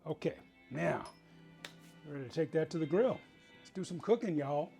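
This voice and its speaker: A man's voice: fairly high pitch, expressive, normal speed, gravelly, warm tone, faint music behind. A middle-aged man hosting a cooking show, chatty and playful, talking straight to his viewers as he cooks. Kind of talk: casual cooking demonstration.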